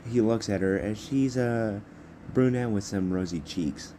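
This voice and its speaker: A man's voice: lowish voice, measured pace, mellow, slight background noise. A young man improvising a fan story as narrator, rambling and correcting himself as he goes.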